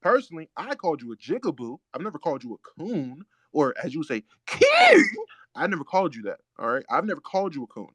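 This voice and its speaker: A man's voice: on the high side, big pitch swings, quick pace, hardly any pauses, dry recording. A man hosting a live audio chat room, blunt, profane and confrontational in a heated argument.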